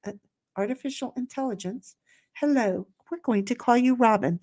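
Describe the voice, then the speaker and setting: A woman's voice: a little high, moderate pace, dark tone. A woman hosting a livestream, reading chat aloud in a rambling, chatty way with many fillers.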